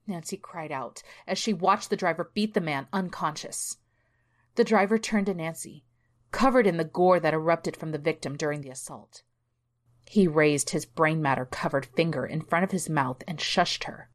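A woman narrating a scripted horror story for a storytelling podcast in a steady manner. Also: low voice, normal speed.

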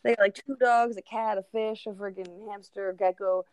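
A woman's voice: mid-range voice, fairly even intonation, normal speed, darkish tone, clear, resonant tone, no room sound. A young woman chatting casually and bluntly, swearing freely and laughing often. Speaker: co-host of a live audio chat. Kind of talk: casual chat.

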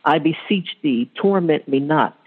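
A tormented man possessed by devils begs not to be tormented, as a preacher reads his plea. The voice sits a little high, and the sound is tinny and phone-like. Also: measured pace, breathy edge. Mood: pleading. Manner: pleading, archaic wording read aloud.

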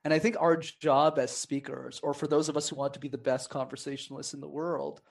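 A man with a fairly high voice talks on a podcast as a guest, coaching on conversation. He speaks casually and lively, slipping into the voices of people he quotes. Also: a little fast, vocal fry. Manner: animated, acts out quoted voices.

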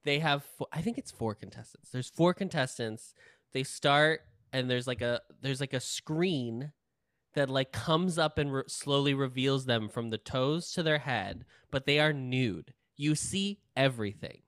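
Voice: mid-range voice, a little slow, fairly bright tone, no echo, studio quality. A podcast co-host telling a story in casual, playful chat.

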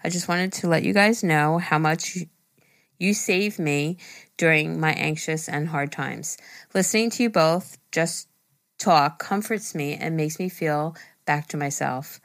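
A woman podcast co-host with a somewhat low voice, reading listener notes aloud. She laughs easily and leans playfully on the words. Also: measured pace. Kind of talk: casual podcast chat.

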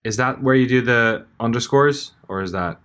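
A man's voice: mid-range voice, normal speed, a bit bright. A man with an Irish accent co-hosting a podcast, chatting casually with rambling, profane, comic rants. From Ireland. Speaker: podcast co-host. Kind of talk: casual chat.

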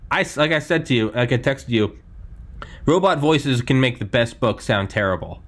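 In casual podcast chat, a thirty-something male host talks at normal speed in a medium-pitched voice with lively intonation. He rambles in a loose, chatty way, dropping "like" and "man" constantly.

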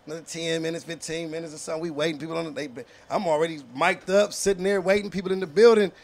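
Battle rapper guest, fairly high male voice, animated slangy storyteller, swears a lot. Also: very fast. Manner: keeps asking "you know what I'm saying"; profane, slangy street talk. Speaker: podcast guest telling a story.

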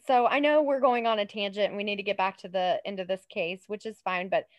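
A woman's voice: medium pitch, steady tone, a little fast, no room sound. A woman in her thirties co-hosting a casual true-crime podcast, chatty and emphatic, often drifting onto tangents. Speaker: podcast co-host.

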